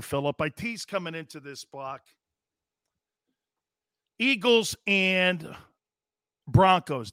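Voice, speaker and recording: A man's voice: fairly high pitch, sharp tone, no room sound, clean studio sound. A man hosting a live sports talk show, ranting in a blunt, profane, repetitive and heated way.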